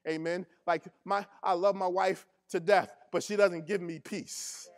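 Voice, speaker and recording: A pastor with a rather high male voice delivers his sermon with emphatic repetition. He keeps checking in with the congregation, and his phrasing is loose and colloquial. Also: fairly even intonation, a little slow, few pauses. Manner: emphatic, repeats key phrases, call-and-response with the congregation; casual colloquial grammar.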